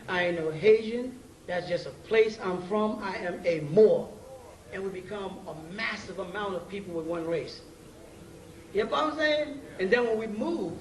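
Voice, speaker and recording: A man's voice: sits high, fairly bright tone. A man giving a live lecture to an audience in a casual, slangy way, often checking that listeners follow him. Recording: echoey hall, distant mic, faint hiss, 1990s live tape.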